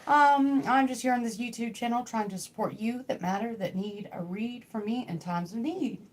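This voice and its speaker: A woman's voice: fairly high pitch, normal speed. Rambling woman doing a tarot livestream. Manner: rambling, joking, talks to chat. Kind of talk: casual live tarot stream. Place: home.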